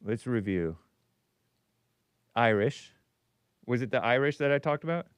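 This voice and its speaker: A man's voice: mid-range voice, lively intonation, a little slow, clean tone, no room sound. A man hosting a call-in show, rambling and musing aloud, breaking off mid-phrase and chuckling. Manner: rambling, self-interrupting, chuckling. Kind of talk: casual radio call-in talk.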